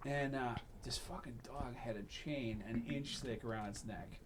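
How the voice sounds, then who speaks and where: A man hosting a relaxed podcast, spinning stories in a loose, profane way. His level jumps around, from low mutters up to sudden loud bursts, and he talks at an everyday middle pitch. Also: normal speed, noisy background. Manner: profane, animated storyteller, swings between mumbles and loud bursts. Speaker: podcast host. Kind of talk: casual chat.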